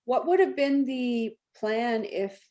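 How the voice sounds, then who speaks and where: A woman's voice: on the high side, animated, slow, mellow. A woman hosting a Q&A over a video call, chatty and enthusiastic. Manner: chatty, enthusiastic, laughs along. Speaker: Q&A host.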